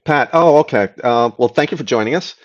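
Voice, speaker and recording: A man's voice: medium pitch, a little fast, muffled recording. A man hosting a live stream, casually answering chat questions and explaining things patiently, often restarting his sentences.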